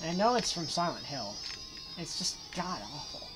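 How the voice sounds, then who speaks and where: Heavy background noise and loud game music surround a woman whose voice sits on the low side and swings widely in pitch. A let's play gamer, she speaks at a moderate pace, joking sarcastically and mock-cheerfully about the horror game she's playing.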